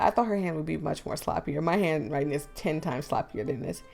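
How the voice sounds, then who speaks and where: A woman's voice: low-pitched, expressive, brisk, creaky, hardly any pauses, a little mellow, faint music behind. A woman YouTuber giving casual, playful commentary while reading through a game. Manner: playful, laughing asides. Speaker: gaming YouTuber. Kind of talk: casual let's-play commentary.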